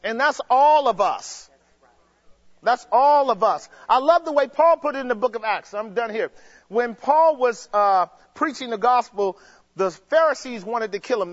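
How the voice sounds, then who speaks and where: A man preaching a sermon in an emphatic, repetitive way that builds to shouts. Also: very high-pitched. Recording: dull lo-fi sound.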